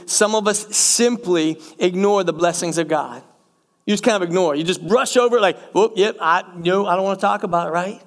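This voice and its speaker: High-voiced pastor preaching emphatically. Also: male voice. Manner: emphatic, repeats phrases for effect; speaks directly to the congregation as church. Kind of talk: sermon.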